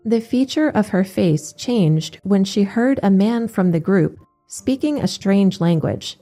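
A woman giving a steady, measured scripted narration of religious accounts. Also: mid-range voice, soft background music.

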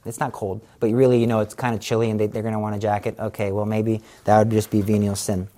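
In a lowish, dark voice with little pitch movement, a man talks quickly through a casual Catholic lesson about confession. He acts out everyday situations in quoted voices, staying conversational, earnest, and urging.

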